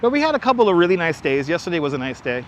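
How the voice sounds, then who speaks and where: Racing along with big pitch swings, a man with a fairly high voice chats through his wireless clip-on mic on a casual outdoor walking livestream in the city. He's chatty, greeting viewers by name and reading their comments aloud. The audio has a slight hiss or hum.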